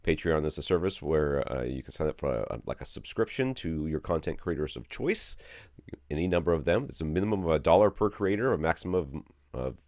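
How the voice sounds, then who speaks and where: A man's voice: a bass voice, lively intonation, brisk, a little mellow, dry recording, studio quality. A man hosting a podcast in a sleepy, rambling, casual way, with a chuckle here and there. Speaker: podcast host.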